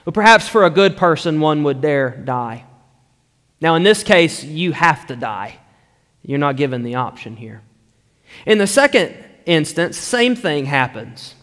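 Slow, deliberate preacher in a reverberant hall. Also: male voice, fairly high pitch, very animated. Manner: slow, deliberate preaching that drops to a hushed tone for emphasis. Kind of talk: sermon.

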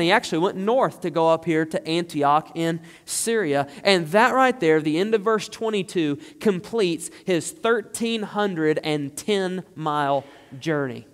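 A man's voice: high voice, big-room sound. A man preaching a sermon, building emphatically into fervent, pleading passages. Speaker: pastor.

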